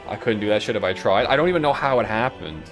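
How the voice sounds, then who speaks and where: Talking fast and expressively in a lowish voice, a man streams a game with music behind him. His school stories wander casually, peppered with laughs and plenty of "like".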